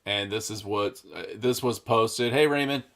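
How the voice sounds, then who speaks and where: A man's voice: fairly low pitch, unhurried, a bit bright. A man co-hosting a casual hobby show, upbeat and enthusiastic, laughing often. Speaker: co-host of a model car customizing show. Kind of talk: casual chat.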